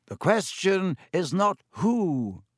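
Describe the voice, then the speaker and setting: A man voicing a calm, grave, elderly male headmaster wizard in an audiobook, speaking slowly and with measure. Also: medium pitch, dry recording, clean studio sound. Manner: slow, quiet and measured. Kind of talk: audiobook character voice.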